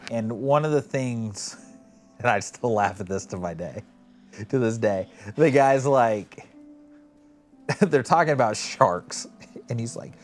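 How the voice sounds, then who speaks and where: Man, casual podcast chat, mid pitch, rambling, animated storytelling, faint background music. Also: takes it slowly, pauses often. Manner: rambling, animated storyteller, swears, acts out quotes. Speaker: podcast co-host.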